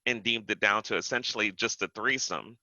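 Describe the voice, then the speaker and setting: Man, podcast co-host, blunt and direct, very bright voice, lo-fi muffled sound. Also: on the low side, brisk, dry recording. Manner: blunt, advice-giving. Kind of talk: casual chat.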